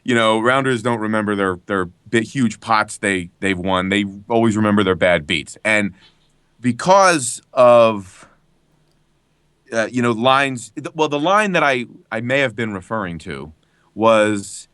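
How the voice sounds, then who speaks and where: A man's bright, forceful voice, close and dry, with no room around it. He rambles through the story in casual podcast chat, swearing freely and breaking into laughter. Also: on the low side, expressive, measured pace, smooth, dry recording. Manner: rambling, profane anecdote telling with frequent laughs. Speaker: guest voice actor.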